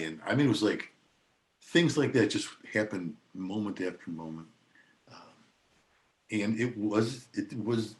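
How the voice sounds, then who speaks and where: An older man, an attorney and podcast guest, telling a personal story in a relaxed, anecdotal way, often laughing. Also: fairly low pitch. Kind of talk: casual storytelling.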